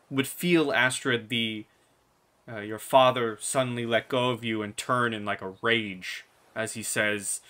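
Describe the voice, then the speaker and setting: A man's voice: mid-range voice, fairly even intonation, measured pace, bright, forceful tone. A man narrating a tabletop game as game master, describing scenes in detail.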